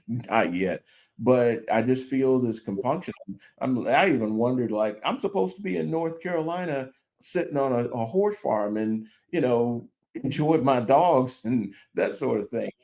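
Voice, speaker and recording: A middle-aged man speaking as a podcast guest, in a voice of ordinary pitch. He talks in a folksy, conversational way, often saying "you know". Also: lively intonation, measured pace, darkish tone. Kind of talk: casual podcast chat.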